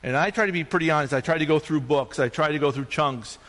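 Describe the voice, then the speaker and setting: A male pastor delivering an animated sermon, his voice climbing high on points of emphasis. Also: fast talker. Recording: long hall reverb.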